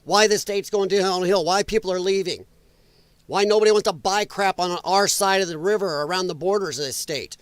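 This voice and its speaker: A man's voice: high-pitched, brisk, smooth, no echo. A man from Illinois hosting a political commentary livestream, ranting and sarcastic with crude language. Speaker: host.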